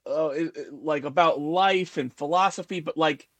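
A man's voice: fairly high pitch, moderate pace, no room sound. Rambling male guest, full of fillers. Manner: rambling, many fillers, self-deprecating laughs. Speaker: guest writer. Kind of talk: interview.

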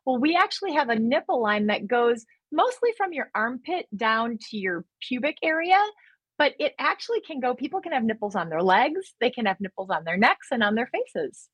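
A woman's voice: fairly high pitch, sing-song, normal speed, slightly rough, dry recording. A woman doctor appearing as a regular guest on a radio show, explaining health facts in a cheerful, giggly way into a studio microphone.

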